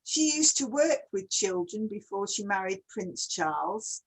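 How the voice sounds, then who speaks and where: A woman's voice: medium pitch, expressive, a little slow, slightly rough, rough recording. A woman hosting a casual online chat, who talks readily and keeps asking her guest questions. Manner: chatty, asks many questions. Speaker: host.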